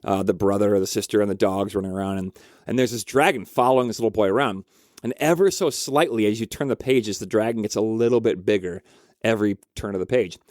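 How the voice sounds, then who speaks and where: A man in casual storytelling mode who counsels couples, talking in an animated, conversational way with lots of fillers. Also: fairly low pitch, fast, no room sound, clean studio sound. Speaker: marriage counselor.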